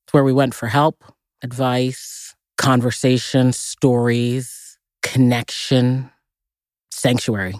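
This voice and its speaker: A woman from Massachusetts, an actress being interviewed, telling lively, reflective childhood stories and often laughing. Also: very deep voice, takes it slowly, no echo, clean studio sound. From Massachusetts, USA. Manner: reflective, vivid listing, breaks into laughter. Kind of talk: casual interview storytelling.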